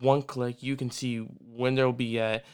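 A man's voice: mid-range voice, level tone, measured pace, a little mellow, clear, resonant tone. A man from Michigan hosting a radio show, chatting and plugging a guest in a loose, upbeat way. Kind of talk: casual radio interview.

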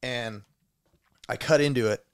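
A man's voice: medium pitch, unhurried, creaky, clear, resonant tone. A man telling a story in casual chat, cursing freely and acting out his own voice and noises. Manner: animated storytelling with swearing and acted-out noises.

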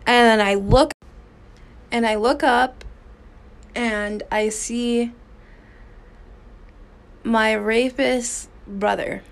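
A woman speaking slowly with a gravelly, creaky edge to her voice. She hosts her own podcast and tells a personal story candidly and casually. She swears freely and often stops to restart a sentence. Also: fairly high pitch. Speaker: podcast host.

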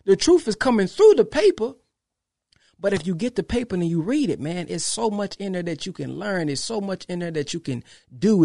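A man's voice: fairly high pitch, no echo, clean studio sound. A man hosting his own podcast, speaking in an emphatic, preachy way, repeating phrases and acting out quoted exchanges. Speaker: podcast host. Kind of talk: casual monologue to followers.

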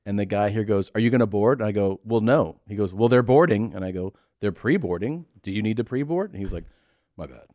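A man's voice: on the low side, fast, hardly any pauses, no echo. A man co-hosting a podcast, chatting casually and acting out quotes while he tells stories. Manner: animated storytelling, acts out quotes. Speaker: podcast co-host. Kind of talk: casual chat.

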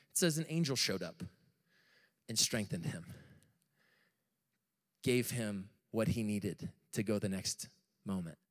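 A young adult man, a pastor, preaching an animated sermon and asking his listeners questions. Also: mid-range voice.

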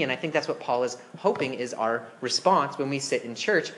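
A man's voice: medium pitch, brisk, few pauses, a bit bright, slight background noise. A man preaching a sermon as pastor, conversational and asking the congregation questions. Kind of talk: interactive sermon. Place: church.

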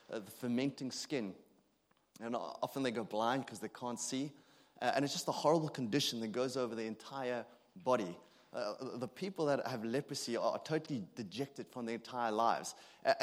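A man in his thirties delivering a sermon in an earnest, halting way, often restarting his sentences. His voice sits at an ordinary pitch for a man. The sound rings with a long hall reverb. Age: 30s. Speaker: preacher.

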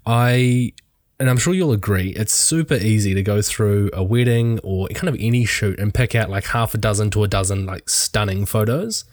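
Man with a sore throat, dry low voice. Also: normal speed, no room sound. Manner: rambling, hedging, many fillers. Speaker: wedding photographer. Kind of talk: casual podcast chat.

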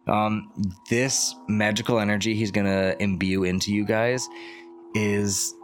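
A man running a tabletop game as game master, narrating scenes in an animated storytelling way. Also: on the low side, measured pace, faint music behind.

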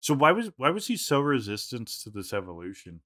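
Lively, bright-voiced man chatting. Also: mid-range voice, dry recording, clean studio sound. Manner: animated, laughs often, does quick character voices. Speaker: podcast co-host. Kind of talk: casual chat.

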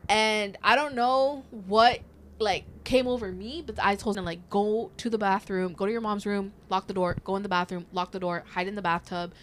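A woman's voice: medium pitch, fairly even intonation, normal speed, a bit bright, a little hiss or hum. A woman in her thirties telling a story in casual chat. She swears freely and acts out the voices of the people in it. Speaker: podcast host.

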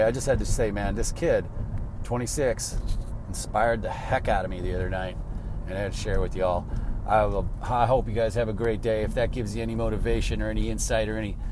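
A man's voice: medium pitch, noisy background. A man vlogging to his viewers in a casual storytelling style, rambling and upbeat, leaning on fillers as he talks. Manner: rambling, upbeat, heavy on fillers like "you know" and "like".

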